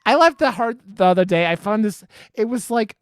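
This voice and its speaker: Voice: mid-range voice, expressive, fairly quick. A podcast co-host in a casual horror movie review chat, rambling with many restarts and casual swearing.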